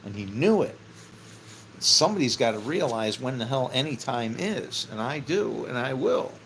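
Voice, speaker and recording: A man's voice: mid-range voice, big pitch swings, normal speed, fairly bright tone, slight background noise, low-quality recording. A middle-aged man musing casually on faith, rambling, often laughing and swearing offhand. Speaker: vlogger.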